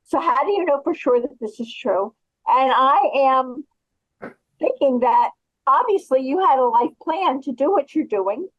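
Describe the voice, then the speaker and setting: A woman hosts a podcast interview in an earnest, reflective way, asking long questions. Her voice sits high, and the recording sounds a little dull and lo-fi. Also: lively intonation, moderate pace. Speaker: podcast host.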